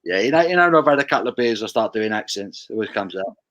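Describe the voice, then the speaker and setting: A man's voice: fairly low pitch, animated, fast talker, fairly bright tone, a little hiss or hum. A man hosting a casual live chat over beers, chatty and laughing, often stammering through his restarts.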